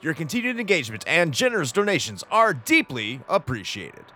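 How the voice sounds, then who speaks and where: Lively, bright-voiced male podcast host. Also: on the high side, brisk, soft background music. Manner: playful, wordy and alliterative. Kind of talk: casual podcast chat.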